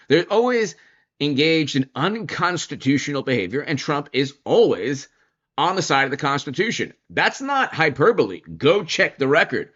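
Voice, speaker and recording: A man delivering an opinion commentary monologue in an animated, sarcastic manner, mocking opponents by putting on their voices. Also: on the high side, dull audio. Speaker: political commentator.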